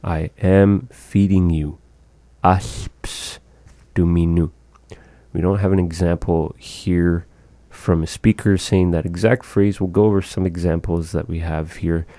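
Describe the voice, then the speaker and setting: A man teaching a language lesson, repeating each phrase slowly and carefully for learners. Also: deep voice, fairly even intonation, mellow, no echo.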